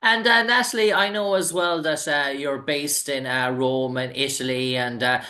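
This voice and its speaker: A man's voice: on the high side, moderate pace, sharp tone. A man hosts an interview. He strings together long questions, circling and restarting as he goes. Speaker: interviewer host.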